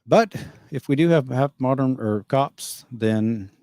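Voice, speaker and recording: A man's voice: medium pitch, slow pace, warm tone, no echo, clean studio sound. A man hosting a casual livestream, reading viewer comments and giving rambling, opinionated answers with frequent chuckles. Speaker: livestream host reading chat.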